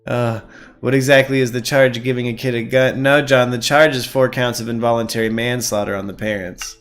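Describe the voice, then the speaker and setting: A man's voice: mid-range voice, steady tone, brisk, a bit bright. A man co-hosting a live news stream in casual chat, loose and profane, laughing often. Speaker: podcast co-host.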